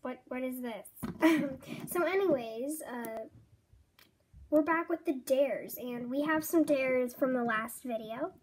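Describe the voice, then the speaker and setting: A woman's voice: high-pitched, slow, a little hiss or hum. A woman hosting her channel, rambling casually and correcting herself as she introduces a toy horse role-play. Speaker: channel host.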